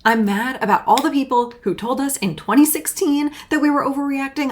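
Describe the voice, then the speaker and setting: A woman's voice: high-pitched, quick pace, few pauses. A young woman hosting a commentary video, reacting to clips in a heated, indignant and sarcastic way. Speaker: political commentator.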